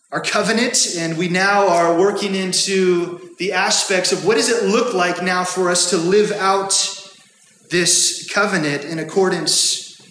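A man preaches an earnest sermon from the pulpit, building emphasis with repeated phrases. His voice sits high and comes across bright and forceful. The recording carries the echo and long reverb of a church sanctuary. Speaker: pastor.

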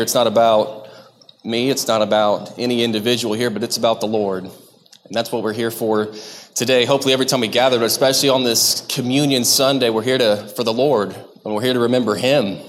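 A man's voice: mid-range voice, slight background noise. Man preaching in a reverberant hall. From Texas. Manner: conversational, self-deprecating, halting restarts. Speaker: lay preacher. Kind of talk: sermon. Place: church sanctuary.

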